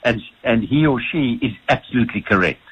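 A man's voice: mid-range voice, lively intonation, brisk, husky, lo-fi sound. A South African man, a sleep doctor, answering radio phone-in questions with many restarts and repeated words. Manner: hesitant, repeats words often.

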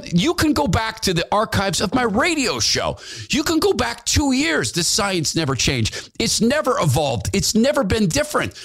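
A man with a high-pitched, slightly bright voice hosts a podcast, speaking into a studio mic. His political commentary is impassioned, fervent, repetitive and preachy.

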